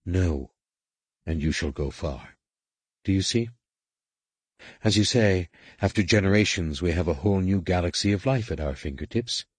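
A man voicing a stern, middle-aged female master shaper who speaks in a measured, quiet, authoritative way. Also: deep voice, lively intonation, breathy edge, no room sound.

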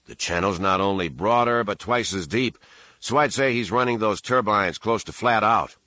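A man voicing a brisk, practical male security chief who speaks in a matter-of-fact, businesslike way. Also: lowish voice, pushed and bright.

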